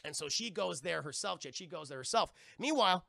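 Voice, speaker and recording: Gravelly, excitable man recapping a film. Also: high-pitched, brisk. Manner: excitable, profane, acts out scenes. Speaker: streamer. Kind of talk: casual movie recap.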